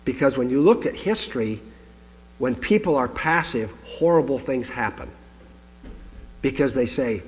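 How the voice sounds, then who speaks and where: A man's voice: mid-range voice, lively intonation, measured pace, pauses often. A man giving a conversational sermon to a congregation, reading scripture aloud and adding his own asides. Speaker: pastor. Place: congregation hall. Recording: long hall reverb.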